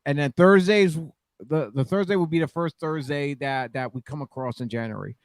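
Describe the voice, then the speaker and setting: A man's voice: fairly high pitch, normal speed, no echo. A man hosting a casual wrestling podcast, rambling with fillers and hyping guests like a ring announcer. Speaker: podcast host.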